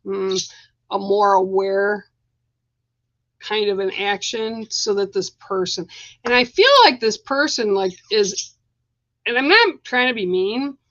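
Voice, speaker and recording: A middle-aged woman doing a casual live-stream card reading, talking in a chatty, rambling way full of fillers and restarts. Her voice sits at an ordinary middle pitch. The sound is dry and a little dull, like a lo-fi home stream. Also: takes it slowly, long pauses, fairly bright tone, dry recording. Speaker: spiritual card reader.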